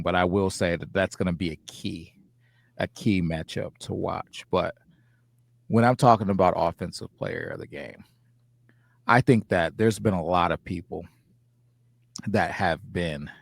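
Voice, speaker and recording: A man co-hosting a casual sports podcast, giving football picks in a measured, halting way with many fillers. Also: sits low, creaky, no echo, studio quality. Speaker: co-host.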